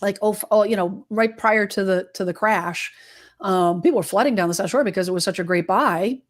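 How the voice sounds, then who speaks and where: A woman's voice: mid-range voice, a little fast. A woman from Massachusetts in her forties, hosting a casual real estate chat with emphatic repeated phrases. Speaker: real estate podcast host.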